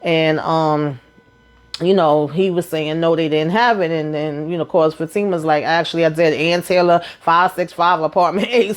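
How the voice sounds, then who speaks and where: A woman, chatting through a TV episode recap. She retells scenes in a loose, animated way, jumping into the characters' lines and leaning on fillers as she goes. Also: sits low. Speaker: TV recap host.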